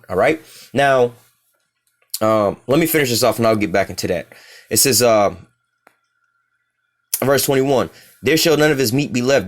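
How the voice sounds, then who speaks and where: A man teaching from the Bible in a loose, slangy way. He reads the verses slowly and deliberately, then explains them in blunt everyday talk. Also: fairly low pitch. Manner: slangy, street-talk asides between slow verse readings. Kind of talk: informal scripture teaching.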